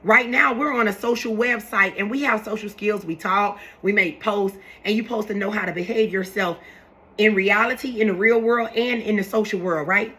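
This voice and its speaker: A woman's voice: mid-range voice, normal speed, sharp tone. A young woman, chatting casually and animatedly to her viewers, repeating herself as she makes her points. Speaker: vlogger talking to her viewers. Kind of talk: casual live chat to camera.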